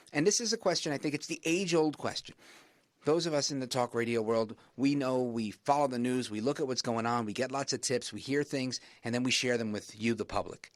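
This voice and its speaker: Emphatic talk radio host, dry studio sound. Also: male voice, dry recording. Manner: emphatic, rising pitch when stressing points.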